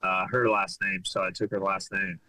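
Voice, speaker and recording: La guy on a podcast, bright forceful voice, laid back, kinda halting and repeats himself, dry sound. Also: low voice, flat delivery, no room sound, rough recording. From Los Angeles. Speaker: fighter and guest. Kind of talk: casual interview chat.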